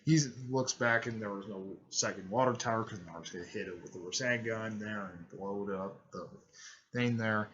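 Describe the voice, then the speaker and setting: A man casually retelling a fan-made story, rambling with many fillers and self-corrections, and jumping into quick raised-voice impressions of the characters. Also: a bit bright, dull audio. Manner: briefly raises his pitch to act out quoted lines.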